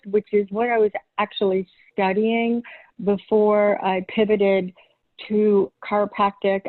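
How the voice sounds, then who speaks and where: A woman's voice: mid-range voice, no echo. A middle-aged woman from Long Island, a holistic chiropractor, answering interview questions casually with frequent ums and hesitations. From Long Island, New York. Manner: hesitant, many ums, light laughs. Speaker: podcast guest, holistic chiropractor. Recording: tinny phone-like line.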